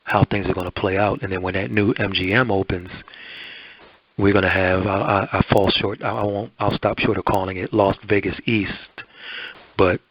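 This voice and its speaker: A hoarse man hosting a boxing interview show, talking in a halting, rambling way. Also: low voice, flat delivery, dry recording. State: hoarse, voice almost gone. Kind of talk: radio-style interview and commentary. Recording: dull lo-fi dry recording.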